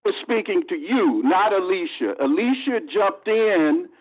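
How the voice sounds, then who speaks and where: A man's voice: sits high, expressive, measured pace. A man calling in to a talk show, confrontational and insulting. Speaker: caller. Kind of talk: heated call-in argument. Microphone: phone call. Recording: tinny phone line.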